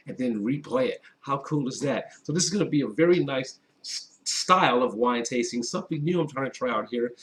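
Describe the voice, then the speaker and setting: A Wisconsin man with a medium-pitched, fairly bright voice hosts a casual wine tasting vlog. Seated indoors at a table against a white background, the wine reviewer talks straight to his viewers, chatty and upbeat.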